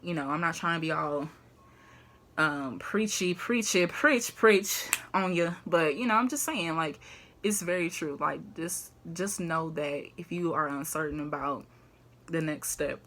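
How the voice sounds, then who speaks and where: A woman's voice: low-pitched, unhurried, sharp tone. A young woman sharing casual faith encouragement in a vlog. She talks in a chatty way, leaning on "like" and "you know", and laughs easily. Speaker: faith vlogger. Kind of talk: casual faith talk to camera.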